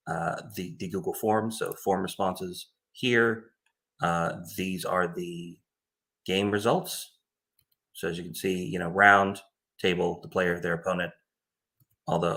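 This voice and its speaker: A man's voice: low voice, bright, forceful tone. A man who runs tournaments, informally and plainly walking through his scoring tools in a casual screen-share tutorial.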